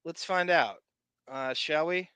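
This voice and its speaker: A man's voice: on the high side, slow pace, rough recording. A man with a Philadelphia accent hosting a podcast, riffing sarcastically on old radio clips. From Philadelphia area. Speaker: podcast host. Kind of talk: casual commentary on show clips.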